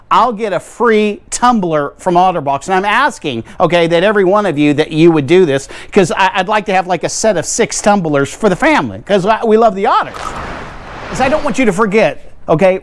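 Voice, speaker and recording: A high-voiced American man reviews coolers in a playful vlog shot in his home garage. He rambles along, tossing out tongue-in-cheek claims and checking in with viewers.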